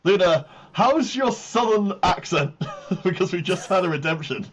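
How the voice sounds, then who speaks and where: A man commentating a live esports tournament as the host caster. His voice sits a little high with a slightly husky edge. He walks through the standings methodically and then surges with hype at decisive moments. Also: a little slow. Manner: excitable, builds hype on big moments.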